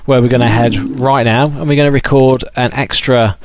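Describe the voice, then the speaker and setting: A man with an East Midlands accent, hosting a podcast in relaxed, plain-spoken casual chat. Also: medium pitch, a little fast. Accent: East Midlands English. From Derby, England. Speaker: podcast host.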